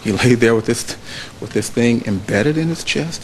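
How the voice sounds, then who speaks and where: Male trial lawyer, courtroom closing argument; measured, repetitive emphasis, mid-range voice. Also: medium pitch, animated, slight background noise, poor audio. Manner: measured, repeats phrases for emphasis.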